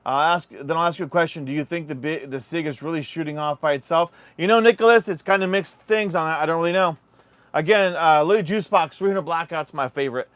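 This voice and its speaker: A man's voice: fairly high pitch, a little fast, dry recording. A man casually hosting a livestream, chatting easily and reading viewer comments. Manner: relaxed, chatty, addresses viewers as y'all. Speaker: livestream host.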